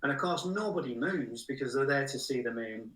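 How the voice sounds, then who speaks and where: Through a far-off mic's roomy sound comes a man in his sixties with a medium-pitched, slightly bright voice, fairly quick and lively in intonation. A musician guest, he rambles through humorous anecdotes, laughing at his own stories.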